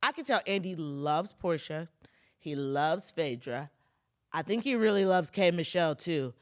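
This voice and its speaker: A woman's voice: sits low, animated, measured pace. A woman hosting a casual podcast, recapping reality TV in a chatty, gossipy way and talking straight to her listeners. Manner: chatty, gossipy, lots of fillers and asides to listeners. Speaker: pop culture podcast host.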